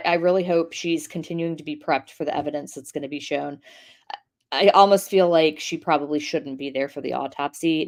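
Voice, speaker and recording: A woman with a low voice talks through her thoughts in a loose live-stream commentary. She speaks conversationally and fills her sentences with ums and restarts. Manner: conversational, many fillers and restarts. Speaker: host.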